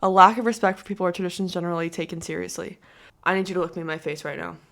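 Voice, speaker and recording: A woman's voice: lowish voice, fairly even intonation, rapid-fire, gravelly, a bit bright. A woman reacting to clips in a casual vlog, talking to camera in a chatty, exasperated way with lots of "like". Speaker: commentary vlogger.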